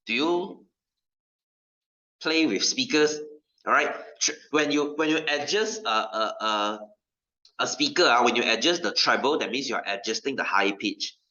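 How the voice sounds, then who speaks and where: A male teacher talks a class through a lesson, his voice bright and forward. He is chatty, tosses in "lah" and "ma", and keeps checking in with "okay?" The recording sounds dull and lo-fi. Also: mid-range voice, unhurried. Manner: drops in local particles like "lah" and "ma". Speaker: science teacher. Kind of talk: classroom lecture.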